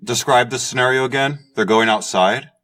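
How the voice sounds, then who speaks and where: A man's voice: mid-range voice, normal speed, fairly bright tone. A man speaking as a guest in a casual video call chat, dry and teasing.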